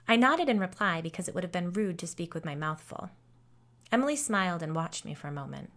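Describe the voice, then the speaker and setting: Lowish woman voice reading an audiobook, calm and even. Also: brisk. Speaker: narrator. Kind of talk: first-person audiobook narration.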